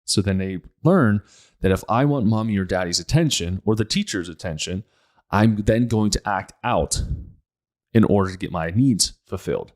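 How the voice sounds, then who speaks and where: A man's voice: lowish voice, lively intonation, moderate pace, darkish tone. A man hosting a podcast, speaking in a blunt, emphatic casual monologue and often repeating his points. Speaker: podcast host.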